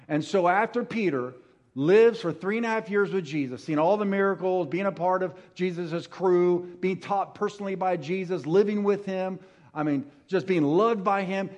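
High-voiced man preaching a sermon. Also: dull audio. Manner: storytelling, emphatic, swings from hushed to loud; engages audience with call-and-response.

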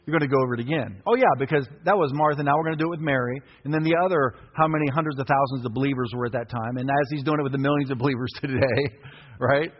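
A man around fifty preaching a sermon as pastor, impassioned, breaking into shouts. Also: mid-range voice, very fast. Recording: echoey hall, dull lo-fi sound.

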